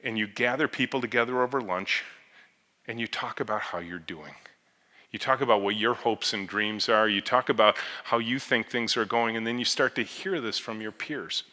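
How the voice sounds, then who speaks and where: A man's voice: fairly low pitch, moderate pace, sharp tone. A man, a company CEO, giving a conference talk on stage, telling stories and voicing the people in them. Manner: earnest storyteller, voices the people in his anecdotes. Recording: long hall reverb.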